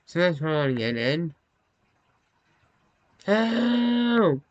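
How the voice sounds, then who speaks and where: A man reads and comments his way through a story game in a chatty, self-conscious manner. His voice sits at a middle pitch. The sound is close and dry. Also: steady tone, normal speed, no room sound, dull audio. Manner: apologetic, self-conscious aside. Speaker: gameplay narrator.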